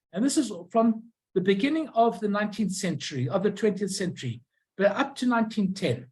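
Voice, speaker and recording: Middle-aged woman lecturing casually, stops n restarts a lot, tells little stories, mid pitch. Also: poor audio. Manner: halting, searches for words, tells anecdotes. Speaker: lecturer on stamps and postcards. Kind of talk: informal illustrated lecture.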